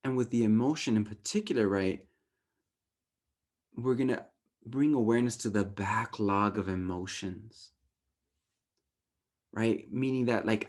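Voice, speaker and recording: A man from Southern California leading a workshop in casual, animated teaching talk, tagging his points with "right?", swearing lightly and laughing at himself. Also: lowish voice, a little slow, pauses often. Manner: animated, often ends points with a questioning "right?"; acts out inner voices in raised, playful tones. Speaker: workshop facilitator.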